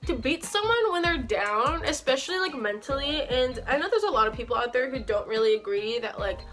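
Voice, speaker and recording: A woman's voice: a little high, lively intonation, brisk. Heated young woman, swearing constantly. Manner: heavy swearing, frequent "like" fillers; heated, indignant retelling. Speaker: vlogger. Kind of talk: storytime monologue. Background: faint background music.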